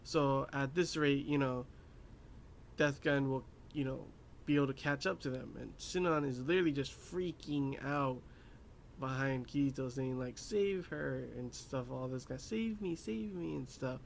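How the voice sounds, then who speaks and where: A man's voice: medium pitch, measured pace, gravelly. Young guy rambling through an anime recap, lots of you knows, a bit of hiss behind. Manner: rambling, many fillers, laughs at his own asides. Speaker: anime reviewer. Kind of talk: casual episode recap.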